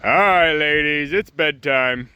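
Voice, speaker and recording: A man's voice: a little high, slow pace, sharp tone, clean tone. A man who hosts a homestead channel, talking casually while coaxing and calling his ducks and dog outdoors on a farm. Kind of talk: casual vlog narration.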